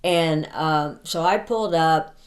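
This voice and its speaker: A woman co-hosting a podcast in casual chat, an easygoing storyteller who is quick to laugh. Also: low voice. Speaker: podcast co-host.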